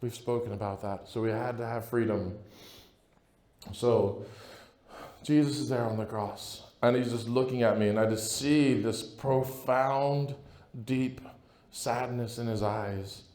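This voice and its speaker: A man's voice: mid-range voice, steady tone, measured pace, a little mellow, reverberant. A priest telling his story at a conference, earnest and conversational, often checking in with "right?". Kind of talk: conference talk, personal testimony. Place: large hall at a conference.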